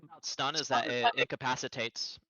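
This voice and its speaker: A man with a bright, forceful voice plays in a tabletop game in a relaxed way. The audio is dry, dull and lo-fi. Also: medium pitch, moderate pace, no room sound. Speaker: player. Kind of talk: casual tabletop play.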